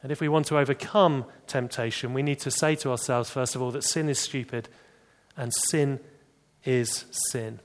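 A man preaching a sermon, animated, rising for emphasis and dropping to quiet, serious points. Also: mid-range voice, normal speed. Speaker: pastor.

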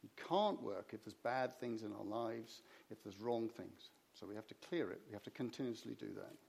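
A man's voice: lowish voice, moderate pace, gravelly, a little mellow, slight background noise. A man preaching a sermon, telling stories and acting out the conversations in them. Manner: anecdotal, acts out conversations in his stories.

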